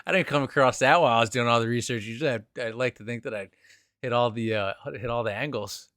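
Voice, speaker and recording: Eager guy hosting an interview, bright punchy voice, dry close sound, casual slangy questions. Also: medium pitch, fast talker, dry recording. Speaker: podcast host. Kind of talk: conversational interview.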